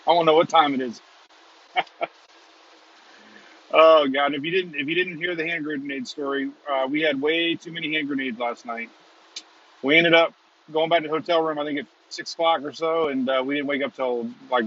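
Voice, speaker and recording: A man rambles and chuckles through a casual livestream chat from inside a moving car. His voice sits a little high, and the lo-fi audio sounds dull and muffled. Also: fairly even intonation, normal speed. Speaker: storm chaser, stream host. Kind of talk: casual live chat while driving.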